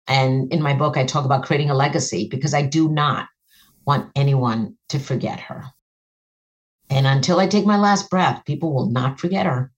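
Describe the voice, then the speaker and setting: Here a middle-aged author, invited as a guest, shares a heartfelt personal story with real earnestness. When she relives key moments, her pitch jumps high. The recording has a lo-fi sound.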